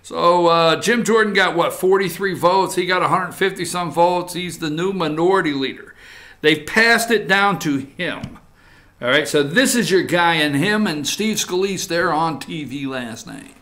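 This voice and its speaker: Man, high voice, bright and forceful, mocking political commentary, muttered asides. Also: a little slow. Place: studio.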